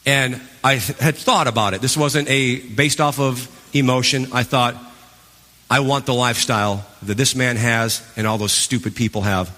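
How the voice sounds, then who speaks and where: A man giving a live stage talk to an audience, telling his story with animated energy and acting out his past reactions. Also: medium pitch, normal speed. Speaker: motivational speaker. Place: large event hall. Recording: long hall reverb.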